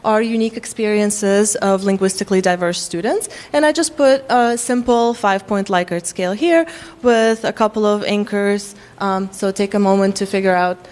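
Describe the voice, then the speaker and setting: A woman with a faint Russian accent presents a workshop to faculty, explaining at a measured pace with frequent ums. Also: mid-range voice, a little mellow. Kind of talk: lecture to faculty.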